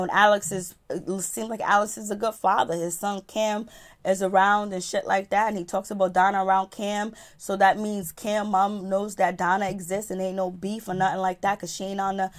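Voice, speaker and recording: A woman reviewing a reality TV episode in a profane, animated, casual storytelling style. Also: mid-range voice. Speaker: TV show reviewer.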